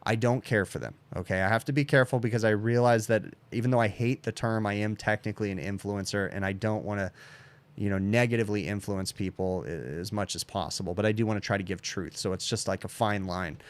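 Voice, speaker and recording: Answering chat questions on his HVACR channel's casual livestream, a man is blunt and opinionated, adding "okay?" to his points, while yawning and sounding sleepy. He talks fast in a voice on the low side.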